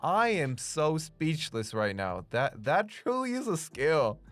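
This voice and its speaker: Unhurried streamer, chatty and laughing. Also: medium pitch, wildly swooping pitch. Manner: chatty, laughs often, swears freely, fills with "like". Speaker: streamer drawing live. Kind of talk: casual live-stream chat with viewers. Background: faint background music.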